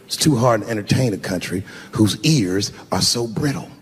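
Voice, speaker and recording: A man performing a profane stand-up routine on a big stage, shouting his punchlines. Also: lowish voice, expressive, moderate pace, a little hiss or hum. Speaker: stand-up comedian. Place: large live venue with audience. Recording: echoey hall, crowd laughter.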